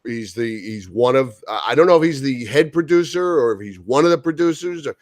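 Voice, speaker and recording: A man's voice: medium pitch, expressive, fairly quick, dry recording, studio quality. A man co-hosting a sports podcast in casual chat, telling a story in a rambling way with many restarts. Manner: rambling storyteller who repeats himself and acts out quoted talk. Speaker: podcast co-host.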